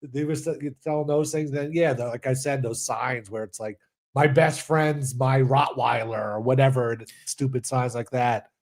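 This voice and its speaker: A man's voice: mid-range voice, fairly even intonation, moderate pace, hardly any pauses, a little mellow. A man co-hosting a casual podcast who laughs often and chimes in with short reactions and jokes. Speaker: podcast co-host. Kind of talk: casual chat.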